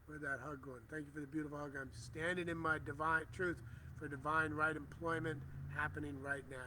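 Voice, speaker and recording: A middle-aged man hosting a prayer livestream outdoors, speaking gentle, reverent affirmations as he reads viewers' comments aloud over a phone. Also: fairly high pitch, steady tone, a little fast. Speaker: spiritual livestream host.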